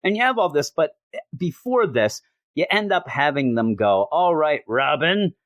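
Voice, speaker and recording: A man's voice: on the high side, very animated, moderate pace, a bit bright, dry recording. A man hosting a comic book show, casually recapping an issue with exasperated, joking disbelief. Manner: incredulous, exasperated, jokey.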